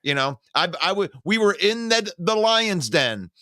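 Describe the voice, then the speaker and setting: Excitable man in bright, dry sports talk. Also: high-pitched, measured pace, dry recording. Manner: emotional, rambling with many restarts. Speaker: sports show co-host.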